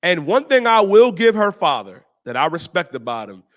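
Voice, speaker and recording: A man hosting a talk show, preaching on scripture in slangy, emphatic speech and drawing out the verses slowly. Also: high voice, big pitch swings. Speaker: host and teacher.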